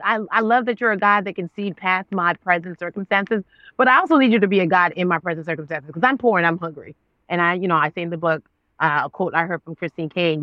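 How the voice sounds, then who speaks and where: Animated woman telling a story, dry dull sound. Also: dry recording. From Nigerian family. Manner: expressive, acts out her own past words with big pitch jumps. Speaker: guest, actress and author.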